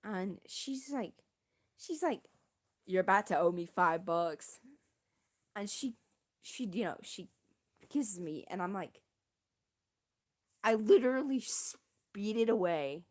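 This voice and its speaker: Young woman streaming, rambling + slangy, laughs at herself, normal pitch. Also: expressive, slow pace, long pauses. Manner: rambling, self-deprecating, slangy. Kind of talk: casual storytelling.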